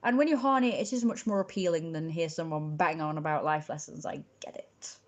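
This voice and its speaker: A young woman rambling through a casual livestream monologue into her phone, mock-grandiose, with sudden loud high-pitched outbursts. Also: brisk.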